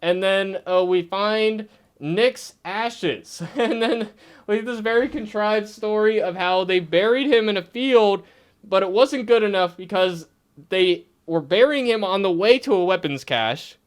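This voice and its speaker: A man ranting in a casual review vlog, sarcastic and full of swearing, with frequent laughs. His voice sits high and sounds smooth and clean. He talks loosely, like chatting with friends. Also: a little slow. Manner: sarcastic, profane, laughing rants. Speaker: TV show reviewer.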